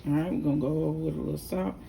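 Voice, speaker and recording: This middle-aged woman's voice is deep, creaky and warm, with a steady tone and a rapid-fire delivery, plus a little hiss or hum in the audio. She chats casually with viewers while demonstrating a home recipe in her kitchen. A home cook and vlog host, she's folksy and instructive, talking directly to her audience.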